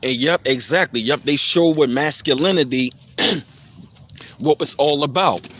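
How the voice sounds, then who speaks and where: A man's voice: fairly high pitch, a little slow, a bit bright, slight background noise. A man hosting a casual live stream, speaking in a loose, reflective way with plenty of fillers and repeated phrases.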